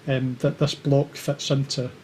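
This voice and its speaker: A man co-hosting a casual livestream, explaining things hesitantly and filling his pauses with lots of ums. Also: mid-range voice, level tone, darkish tone, slight background noise. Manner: hesitant, with many filler ums. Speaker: co-host of a maker livestream.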